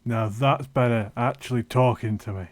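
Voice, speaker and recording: A man's voice: mid-range voice, fairly even intonation, moderate pace, no room sound, lightly acted. A man voicing a grumpy giant male smith who talks bluntly. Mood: gruff.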